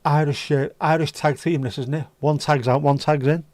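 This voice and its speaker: Guy chatting to his stream chat, swears a lot, mellow warm voice, dry close sound. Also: on the high side, steady tone, normal speed, dry recording. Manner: sweary, joking banter with viewers. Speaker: livestream host reading chat. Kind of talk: casual chat.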